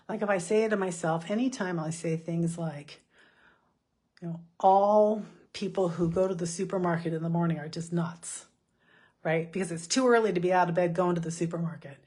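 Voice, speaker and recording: A middle-aged woman giving a chatty motivational talk, self-deprecating and quick to laugh. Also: lowish voice, dark tone, husky. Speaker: speaker.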